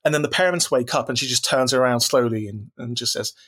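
A man's voice: mid-range voice, fast, fairly bright tone. A man talking as a podcast guest in casual chat, enthusiastic and rambling, with lots of restarts and repeated words. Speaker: podcast guest, horror writer and producer.

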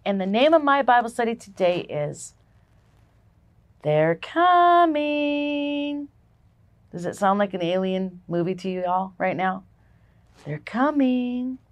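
A woman's voice: medium pitch, no echo. A woman hosting a faith show, talking casually and emphatically as she opens a Bible study. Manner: warm and chatty, emphatic lists. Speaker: podcast host and ministry founder.

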